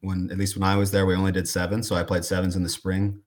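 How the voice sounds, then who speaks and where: A young man from Iowa answers a podcast host's questions in a calm, modest way, pausing often with ums. His voice is very low for a man and stays relaxed and unhurried. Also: a little hiss or hum. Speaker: rugby player guest. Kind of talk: casual interview answers.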